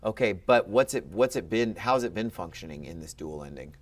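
Male teacher, low register, encouraging one-on-one quizzing. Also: animated, a little fast. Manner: patient, quizzing, upbeat. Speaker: Ancient Greek teacher. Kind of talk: one-on-one lesson.

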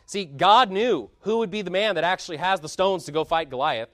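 A man preaching a sermon with passion, building to loud emphatic peaks and dropping into low, quiet asides. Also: brisk, no room sound, clean studio sound.

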